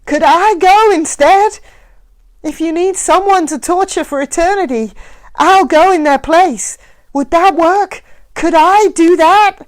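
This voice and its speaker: A woman reading aloud plays an anguished middle-aged father, loud and strained, pleading in a raised, ragged voice. Her pitch sits fairly high for the part, straining upward as he begs. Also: expressive, moderate pace, no room sound, close to an everyday voice. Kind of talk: live reading of a novel.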